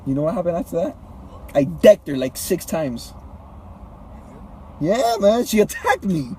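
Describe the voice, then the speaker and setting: A man's voice: high-pitched, big pitch swings, unhurried, warm tone, a little hiss or hum. Young man rambling through a story. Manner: rambling, repeats himself, says bro. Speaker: vlogger. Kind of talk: casual storytelling.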